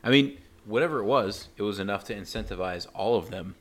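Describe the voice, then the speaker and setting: Very deep-voiced man, easygoing podcast co-host. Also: fairly quick. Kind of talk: casual movie discussion.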